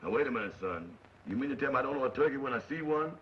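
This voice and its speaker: An actor playing a sly roommate and former barber in a 1940s film comedy, with a slow deadpan drawl and mangled big words. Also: male voice, mid-range voice, a crowd in the background, lightly acted. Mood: menacing. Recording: dull old film soundtrack with faint hiss.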